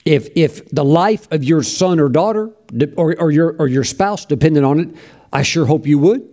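A man's voice: a little high, expressive, normal speed, mellow. A man preaching a sermon, telling a story with fervent emphasis and bursts of praise.

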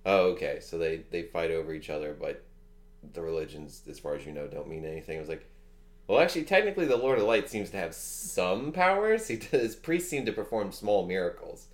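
A man's voice: low-pitched, sing-song, fairly quick. A man in his thirties telling rambling, profane stories in a casual chat, full of fillers. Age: 30s.

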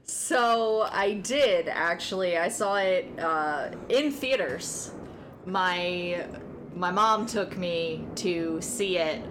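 A woman co-hosting a podcast in casual chat, playful, with quick deadpan jabs. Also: fairly low pitch, background noise. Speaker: podcast co-host.

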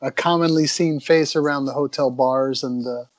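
A man casually telling an anecdote in a relaxed, chatty way. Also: mid-range voice, normal speed, no room sound.

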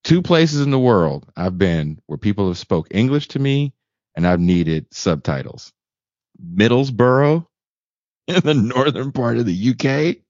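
A man hosting a podcast, chatting casually and telling animated, joking stories. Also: deep voice, dry recording. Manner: animated, laughing, storytelling. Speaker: podcast host. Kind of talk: casual chat. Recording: dull lo-fi sound.

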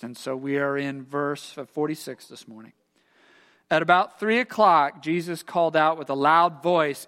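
A middle-aged man preaching a sermon, an animated storyteller who acts out the voices in his story. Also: on the high side, in a large hall. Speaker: pastor. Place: church sanctuary.

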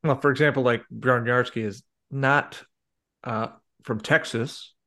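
A man with a gravelly voice hosts a casual podcast chat. He rambles, restarting sentences and leaning on fillers as he talks. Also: mid-range voice, fairly even intonation, measured pace, fairly bright tone. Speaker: podcast host.

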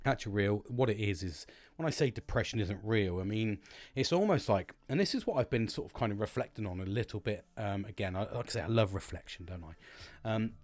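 A man's voice: fairly low pitch, lively intonation, brisk, a little mellow, no echo. A man in his forties hosting a solo podcast, talking casually into a close mic in a rambling, sweary, self-mocking way. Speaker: podcast host. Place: at home, drinking cider. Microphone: close studio-style mic.

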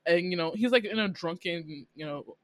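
A woman casually recapping a drama episode, animated and laughing as she acts out the characters' lines. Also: on the low side, normal speed, dry recording. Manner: animated storytelling, laughing often, acting out lines. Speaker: podcast co-host recapping a drama. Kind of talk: casual chat.

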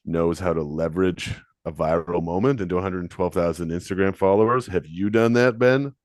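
A man's voice: low voice, moderate pace, no echo. A man co-hosting a podcast in casual chat, with a dry, mock-serious delivery. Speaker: podcast co-host.

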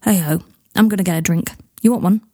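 A woman's voice: fairly low pitch, quick pace, dark tone, breathy edge, no echo, studio quality. A woman voicing a candid young man who speaks bluntly and offhandedly in a storybook reading. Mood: frank.

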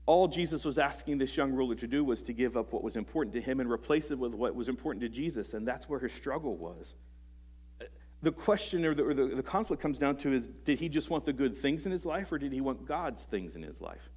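A man preaching a sermon to a congregation. He is earnest, asks them rhetorical questions, restarts phrases often and lets his sentences trail off softly. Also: medium pitch, animated, breathy edge. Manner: halting restarts, soft trailing phrase ends. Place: church service before a congregation.

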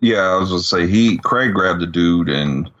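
A man co-hosting a podcast, retelling a movie scene in a laid-back, halting way. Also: low voice, fairly bright tone. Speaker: podcast co-host. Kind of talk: casual movie recap chat. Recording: dull lo-fi audio.

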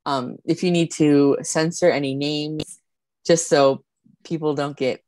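A woman hosting a casual podcast, asking questions in a relaxed way, full of fillers. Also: low voice, measured pace, no echo. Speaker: podcast host.

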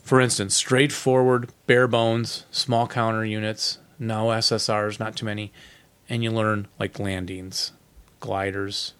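A man's voice: fairly low pitch, a bit bright. A man co-hosting a podcast, reading listener letters aloud in casual chat and laughing easily. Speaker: podcast co-host.

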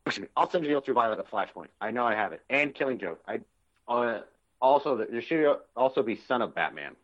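This young podcast co-host talks fairly quickly in an expressive, mid-range voice. His casual chat is eager and rambling, full of fillers, and the recording sounds dull and lo-fi.

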